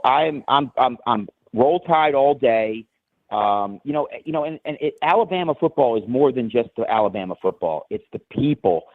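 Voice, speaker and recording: A man from New Jersey calling in to a show, rambling and halting with many restarts. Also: mid-range voice, no echo. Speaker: caller. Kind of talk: call-in rant. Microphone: phone. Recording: tinny phone line.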